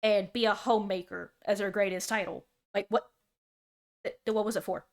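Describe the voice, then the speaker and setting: A young woman in her twenties streaming a casual reaction, talking in an animated and sarcastic way and laughing often. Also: medium pitch, a little fast, creaky.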